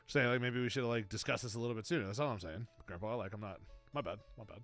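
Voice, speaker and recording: A young man streaming a game, with animated, joking commentary as he talks back to the game. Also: lowish voice, quick pace, faint music behind. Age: young adult. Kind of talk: casual gameplay commentary.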